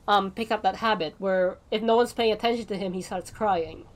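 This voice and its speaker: Streamer, female, mid-pitched voice, casual rambling chat to viewers during a game stream. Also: moderate pace, hardly any pauses. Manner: rambling, tangent-prone, frequent laughs. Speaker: VTuber streamer.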